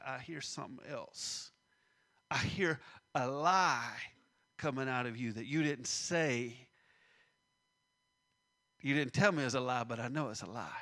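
A man's voice: mid-range voice, fairly bright tone. A man preaching a sermon, acting out the voices in the scripture and dropping to a near-whisper at times.

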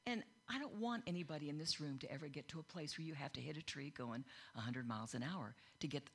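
Bright-voiced woman preaching a testimony. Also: deep voice, fast, breathy edge. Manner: storytelling, acts out quoted voices. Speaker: speaker at a church gathering. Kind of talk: personal testimony sermon.

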